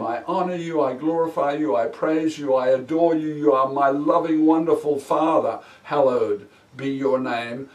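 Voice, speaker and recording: A man teaching a Bible lesson as a sermon, slow and emphatic, stretching key words for weight. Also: on the high side, darkish tone. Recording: echoey room, mic at a distance.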